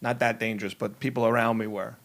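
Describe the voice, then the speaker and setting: A young man from New Jersey hosting a casual interview, upbeat and reacting quickly to his guest. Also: mid-range voice, level tone, fairly bright tone. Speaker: podcast host.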